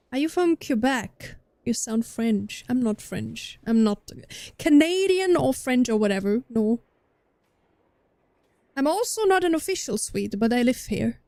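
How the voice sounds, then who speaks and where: A young German woman whose accent carries a slight Scandinavian tinge chats casually with viewers while gaming on a livestream, rambling and often restarting sentences. Her voice is a little high with a darkish tone, and there's no room sound.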